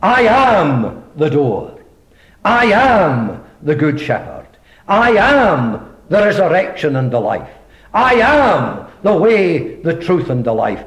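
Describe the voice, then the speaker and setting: Male preacher, higher-pitched and very lively delivery, emphatic sermon style with hushed asides. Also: slow pace. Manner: emphatic, rhetorical questions, swings from loud to hushed.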